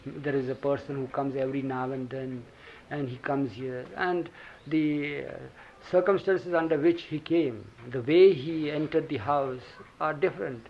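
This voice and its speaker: A man's voice: a little high, normal speed, gravelly. An older man with an Indian English accent, reminiscing in casual talk and chuckling through his stories. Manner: chuckling, animated storytelling with acted quotes. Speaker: storyteller recounting memories. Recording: dull lo-fi 1980 tape with hiss.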